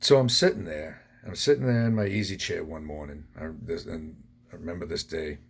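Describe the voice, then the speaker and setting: Deep gravelly man telling his story. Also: a little fast, slight background noise. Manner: blunt and profane. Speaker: podcast host. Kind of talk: personal recovery storytelling.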